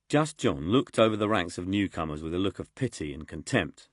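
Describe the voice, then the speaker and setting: A man reading an audiobook in a steady, measured way. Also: low-pitched, no room sound, clean studio sound. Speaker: audiobook narrator. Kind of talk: scripted narration.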